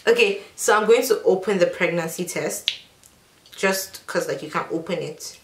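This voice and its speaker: A woman's voice: fairly low pitch, moderate pace. A young woman vlogging a prank at home, talking nervously and hesitantly with lots of fillers. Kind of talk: casual prank vlog. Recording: echoey room with faint noise.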